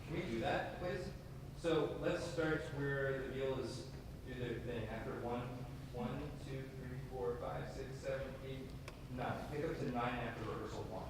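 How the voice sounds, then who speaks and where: Guy running an orchestra rehearsal, counting players in and singing the phrases, heard from far off in a boomy hall with the music going. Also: background noise. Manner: brisk, instructive, counts players in and sings phrases. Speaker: orchestra clinician. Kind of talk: rehearsal coaching. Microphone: distant camera mic. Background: string orchestra playing.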